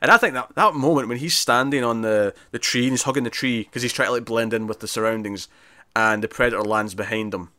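A man talks quickly and eagerly in a casual film review chat, his voice bright and forceful. The sound is dry and close, with no room echo. He is a podcast co-host. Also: medium pitch. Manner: animated, quotes lines in a shouted impression.

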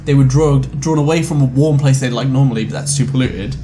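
A podcast co-host in casual chat, joking and thinking out loud in rambling turns. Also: medium pitch, fast, soft background music.

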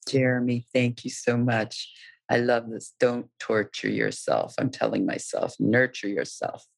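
A host wrapping up a live show, gushing thanks to the guests and audience. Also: female voice, rumbling low, big pitch swings, a little slow, gravelly, no echo, rough recording. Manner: gushing and appreciative. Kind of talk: casual show wrap-up.

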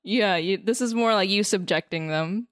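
A woman's voice: mid-range voice, moderate pace, dry recording, clean studio sound. A woman hosting a podcast in casual chat, playful and giggly, laughing often. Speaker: podcast host.

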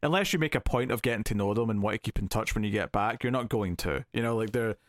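A man's voice: lowish voice, fast talker, dry recording, clean studio sound. A man co-hosting a podcast, chatting casually and hesitantly about a film he reviews. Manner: rambling, hesitant, restarts often. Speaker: podcast co-host.

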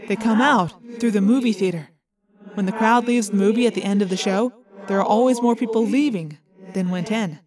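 A woman voicing a calm, observant teenage boy in an audiobook. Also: mid-range voice, fairly quick, crowd noise, lightly acted. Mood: explaining.

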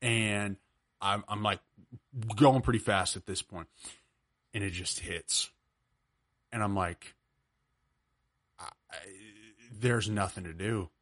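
A man in his twenties, co-hosting a podcast over a video call, telling an animated story and laughing often. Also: on the low side, slow, pauses often. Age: 20s. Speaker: podcast co-host. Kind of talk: casual storytelling chat.

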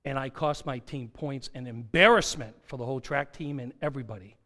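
A man preaching a sermon, telling a personal story and repeating key phrases slowly for emphasis, swinging between quiet and loud. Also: medium pitch.

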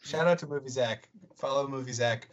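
Giggly podcast co-host. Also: male voice, mid-range voice, a little fast, lo-fi sound. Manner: laughs a lot, rambling. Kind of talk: casual podcast banter.

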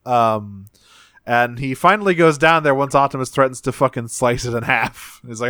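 A man co-hosting a podcast casually recaps a cartoon episode in rambling, profane chat, retelling scenes and acting out characters' lines in quick voices. His mid-range voice is a bit bright, clear and resonant, in clean studio sound with no room sound.

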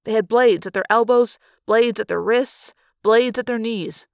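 A woman narrating a first-person adventure story in a fan audiobook, in a steady, expressive storytelling manner. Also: on the high side, a little slow, no echo, studio quality.

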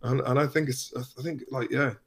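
A man's voice: mid-range voice, steady tone, fairly quick. A man in casual podcast chat, rambling and swearing, often trailing off into mumbles.

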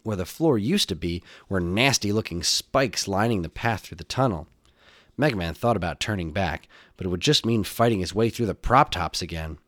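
A man narrating a children's adventure story aloud in an expressive, animated telling. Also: deep voice, normal speed, no echo, clean studio sound.

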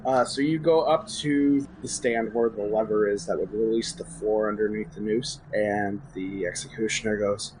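A man's voice: on the low side, steady tone, normal speed, hardly any pauses, a little mellow, slight background noise, rough recording. A man narrating a tabletop game as game master, with fillers and restarts.

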